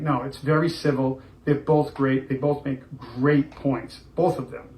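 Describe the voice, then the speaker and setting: A man's voice: mid-range voice, fairly even intonation, unhurried, a little mellow. A man talking casually in a vlog clip, thinking aloud and rambling about food cravings. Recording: echoey room with faint ambient noise.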